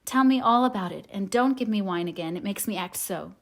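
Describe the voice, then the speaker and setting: A woman reading the part of a passionate, warmhearted teenage girl in an audiobook, her voice rising into high emotional cries. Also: animated, fairly quick, close to an everyday voice. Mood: flustered.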